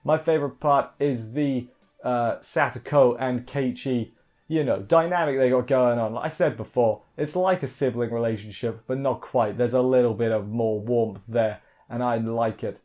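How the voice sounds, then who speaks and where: A man's voice: medium pitch, normal speed, muffled recording. A man casually reviewing an anime episode, rambling off the cuff and correcting himself as he goes.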